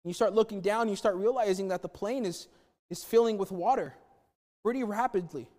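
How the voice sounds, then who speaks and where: A man's voice: sits high, a little fast, a little mellow. A man preaching a sermon in a conversational, chatty way with humorous asides. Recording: long reverb of a hall.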